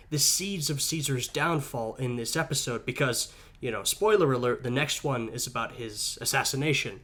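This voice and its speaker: A man's voice: mid-range voice, fairly bright tone. A man hosting a history reaction video, slightly sick and chatting casually while thinking aloud. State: a little sick, voice sounds off. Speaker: host of a history reaction channel.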